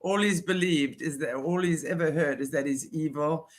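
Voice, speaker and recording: A podcast co-host with a fairly high-pitched voice speaks at a moderate pace in a casual chat about a news case. He offers opinionated commentary and explains things as he goes.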